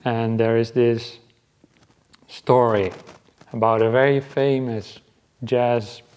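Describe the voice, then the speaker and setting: A man, a Buddhist monk, giving a relaxed, conversational dharma talk at a meditation retreat, chuckling often and pausing as he talks. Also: mid-range voice, clear, resonant tone. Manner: unhurried, with halting pauses.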